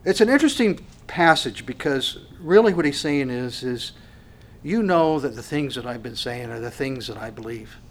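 A man's voice: mid-range voice, expressive, moderate pace. A man preaching an expository sermon as a pastor, earnest and emphatic, often restarting and repeating words as he explains a passage.

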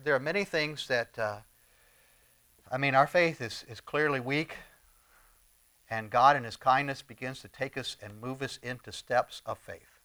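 A man preaching a sermon, swinging between loud emphatic lines and soft, low asides.

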